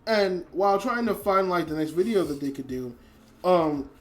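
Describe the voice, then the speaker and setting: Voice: mid-range voice, lively intonation, normal speed. A speaker giving a casual spoken anime review, rambling with lots of filler words, restarts and casual swearing. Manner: emotionally invested, trails off and restarts.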